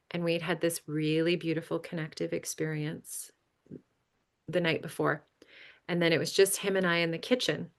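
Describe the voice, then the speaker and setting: A woman's voice: low voice, a bit bright. A woman leading a boundaries workshop, telling a personal story and checking in with frequent "right?" questions. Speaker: workshop leader. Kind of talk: teaching a live boundaries workshop.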